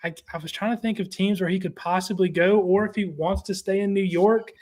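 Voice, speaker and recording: A young man with a notably high voice talks football on a casual show. He rambles, restarts his sentences and spells out words for emphasis. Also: steady tone, a little fast, a little mellow. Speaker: sports show co-host. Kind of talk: casual sports talk.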